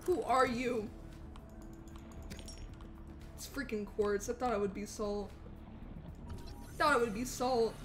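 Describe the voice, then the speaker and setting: Bubbly high-voiced woman streamer. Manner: bubbly, animated, thanks chatters eagerly. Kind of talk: live gameplay stream chat.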